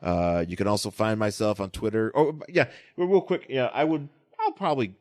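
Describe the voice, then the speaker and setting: A man's voice: on the low side, moderate pace, darkish tone, no room sound, studio quality. A man co-hosting a casual comic book podcast, joking and trailing off mid-sentence. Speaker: podcast co-host.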